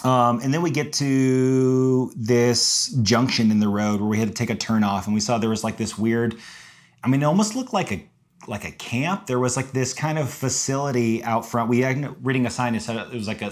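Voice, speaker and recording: Chatty young man telling a story. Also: a little fast. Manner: animated, acts out quotes with high-pitched apologies. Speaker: podcast co-host recounting a hike. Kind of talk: casual storytelling chat.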